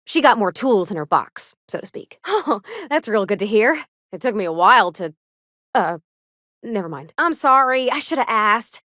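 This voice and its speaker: A woman's voice: fairly high pitch, big pitch swings, normal speed, pushed and bright, no echo, studio quality. An actress playing a sweet, earnest young woman ship engineer who talks in a folksy, homespun drawl, shy and kindly. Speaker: game companion character. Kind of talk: video game voice acting.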